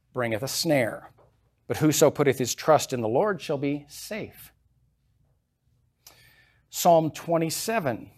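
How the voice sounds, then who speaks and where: Preaching man, emphatic scripture reading. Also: on the high side. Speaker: pastor. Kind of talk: sermon. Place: church.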